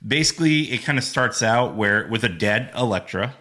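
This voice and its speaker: A man's voice: medium pitch, lively intonation, normal speed, pushed and bright. A man co-hosting a podcast, explaining comic plots in a laid-back, agreeable way. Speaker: podcast co-host.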